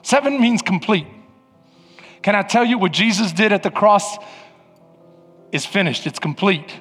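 A man preaching a sermon as pastor in a church sanctuary, animated and conversational, building up to loud passages. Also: sits high, unhurried, husky, faint music behind. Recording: long reverb in a large hall.

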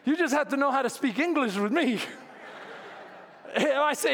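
A man with a very high voice and a Texan accent preaches to his congregation, telling funny stories and acting out both sides of conversations. He keeps asking for amens as the sound lingers in a long church reverb. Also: lively intonation, normal speed, a bit bright. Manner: humorous storytelling, acts out dialogue, calls for amens. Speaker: pastor. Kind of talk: sermon.

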